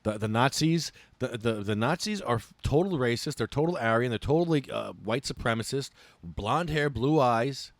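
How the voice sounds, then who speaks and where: A man talks on a casual podcast, swearing and ranting with a lot of heat. His pitch swings up and down as he goes. The sound is dry and close, with no room echo. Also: moderate pace. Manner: profane, ranting, animated. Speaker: podcast host.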